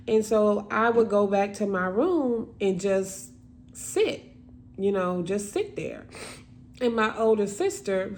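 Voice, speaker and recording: A woman telling a painful personal story in a repetitive, emotional, halting monologue. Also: medium pitch, darkish tone, slight background noise.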